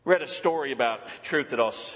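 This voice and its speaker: A man's voice: medium pitch, a little fast, a bit bright, long reverb tail. A man preaching a sermon as pastor, building emphasis through repeated phrases. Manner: preaching with repetition and rising emphasis. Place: church.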